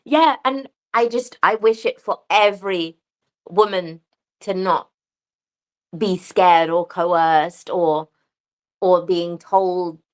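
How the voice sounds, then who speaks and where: A woman, a podcast guest, telling her own story in an excited way with frequent laughter. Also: lowish voice. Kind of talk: casual conversation.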